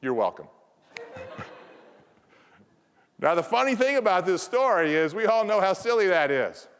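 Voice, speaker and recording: A man's voice: high-pitched, sing-song, unhurried, smooth. A man from the American South giving a playful conference presentation, teasing the audience. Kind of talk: keynote talk. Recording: reverberant conference hall.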